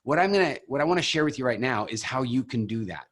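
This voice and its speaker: A man leads a coaching call over a video link, speaking at a mid pitch. He talks in an animated, expressive way, acting out examples as he tells stories. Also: fast. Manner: animated, expressive storyteller who acts out examples. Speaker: program founder coaching coaches.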